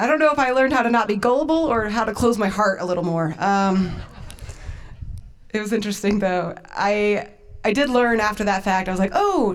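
A young woman telling a funny personal story as host of a storytelling evening. She talks casually in a mid-range voice, mocks herself, and slips into laughter often. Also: mid-range voice.

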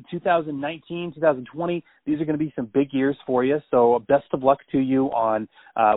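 A man's voice: mid-range voice, dry recording. A man hosting a phone interview, polite and groping for words with many ums and uhs. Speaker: interviewer, host. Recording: tinny dry phone line.

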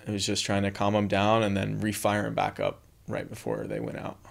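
Low gravelly laid-back man. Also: very animated, fairly quick. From Southern California. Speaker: beach volleyball player and coach, guest. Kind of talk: casual interview storytelling.

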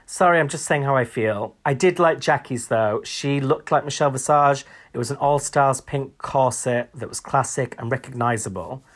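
A man's voice: medium pitch, moderate pace, hardly any pauses. Chatty opinionated man. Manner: chatty, opinionated, frequent ums. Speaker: podcast co-host. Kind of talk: casual chat.

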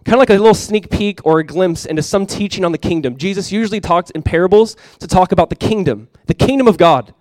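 A young adult man preaching a sermon as pastor, casual and chatty with many fillers, praying softly and slowly at times. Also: high voice, dry recording. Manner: soft, slow prayer.

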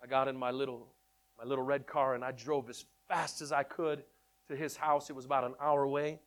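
Man, testimony storytelling, bright forceful tone, excitable, repeats words in bursts. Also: mid-range voice, fairly quick. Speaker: speaker sharing his testimony.

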